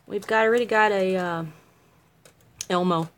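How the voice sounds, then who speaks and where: A woman's voice: mid-range voice, fairly even intonation, unhurried, a little hiss or hum. A middle-aged woman making a craft video, chatting casually on a livestream, giggly and self-mocking.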